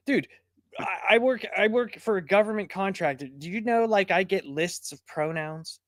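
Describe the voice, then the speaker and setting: A man's voice: sits high, animated, moderate pace, no echo, studio quality. A man co-hosting a podcast in casual chat, blunt and exasperated, often stammering over his words. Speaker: podcast co-host.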